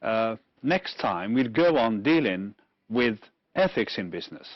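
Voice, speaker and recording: A man teaching English on a television lesson, wrapping up in a measured way. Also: lowish voice, big pitch swings, no echo, muffled recording.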